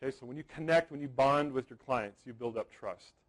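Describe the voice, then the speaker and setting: A man's voice: medium pitch, fairly quick, low-quality recording. A man in his forties presenting a live seminar to an audience, telling stories, stressing points by repeating words and checking in with "okay?". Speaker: wedding photography seminar presenter.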